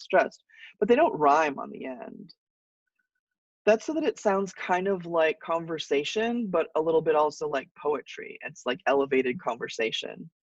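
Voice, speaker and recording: A fairly high-pitched man lecturing to a class, easygoing and loose, with plenty of ums and restarts. He sounds set back from the mic, and the sound is muffled and dull. The room is dry. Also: no echo, far from the mic. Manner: relaxed explaining with fillers and restarts. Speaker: college English teacher.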